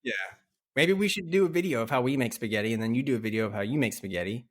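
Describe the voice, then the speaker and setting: A man's voice: mid-range voice, rapid-fire. A man co-hosting a casual podcast, playful and enthusiastic, joking at his own expense. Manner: playful, enthusiastic, self-mocking. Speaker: podcast co-host. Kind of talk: casual chat.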